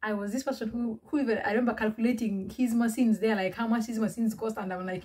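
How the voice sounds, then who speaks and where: A woman's voice: fairly high pitch, fairly even intonation, fast, hardly any pauses, darkish tone, husky. A woman from Uganda telling a personal story in a chatty, restarting vlog style. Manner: chatty, repetitive, with many restarts and fillers. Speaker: vlogger.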